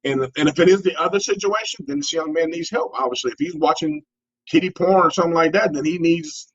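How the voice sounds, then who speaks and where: A man's voice: fairly high pitch, fast talker, fairly bright tone, slightly rough, lo-fi sound. A man co-hosting a casual sports talk podcast, often stammering and restarting his sentences.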